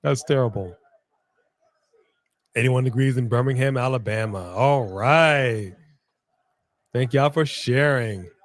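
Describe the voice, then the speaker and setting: A man co-hosting a live stream in a loose, joking way, reading out viewer shout-outs between his own comments. His voice sits at an ordinary middle pitch. The sound is dry and close, with no room around it. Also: takes it slowly, pauses often, no echo. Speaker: co-host of a live wrestling watch-along stream. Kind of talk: casual live-stream chat.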